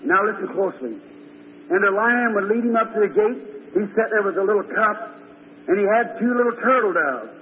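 A man's voice: high voice, expressive, moderate pace, a little hiss or hum. A man preaching a fervent revival sermon, telling Bible stories and asking the congregation questions. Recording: tinny old phone-like recording in a hall.

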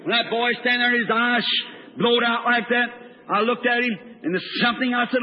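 Preacher man, real high voice, tinny old recording in a big hall, tells it all dramatic. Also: fairly even intonation, brisk. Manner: fervent, dramatic, speeds up and cries out in retold prayers. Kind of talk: sermon with storytelling.

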